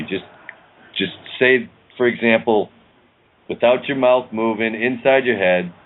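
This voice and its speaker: A man in casual spiritual chat on a radio show, rambling and thoughtful with many hesitations. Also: lowish voice. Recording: tinny phone line.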